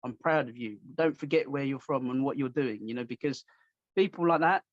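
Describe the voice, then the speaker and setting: A man hosting a podcast, telling stories in a casual, animated way and acting out the voices of the people he quotes. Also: mid-range voice, a little fast, no echo. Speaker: podcast host. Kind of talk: casual storytelling chat. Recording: dull lo-fi dry sound.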